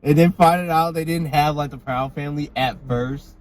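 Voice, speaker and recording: A man's voice: on the high side, steady tone, moderate pace. A man co-hosting a podcast in laid-back casual chat, joking and swearing freely. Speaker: podcast co-host.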